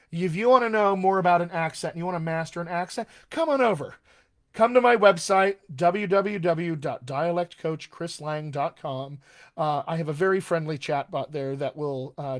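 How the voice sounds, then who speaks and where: Upbeat dialect coach, slightly high voice. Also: male voice. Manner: enthusiastic, emphatic, conversational with many fillers. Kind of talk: live Q&A stream.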